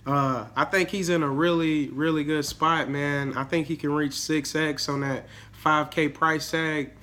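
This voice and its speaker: Young male host, slightly sick, bright forceful voice, slangy hype talk. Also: a little high, steady tone, a little slow. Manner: hyped, slangy, repeats words and says "man" often. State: a little sick. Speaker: daily fantasy sports video host. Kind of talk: casual solo video commentary.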